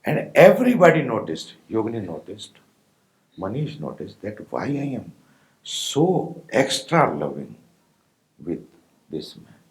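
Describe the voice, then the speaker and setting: A man with an Indian accent giving a slow, pausing spiritual discourse to meditators, often asking his listeners if they follow. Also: fairly low pitch, huge pitch swings, rough recording. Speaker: spiritual teacher.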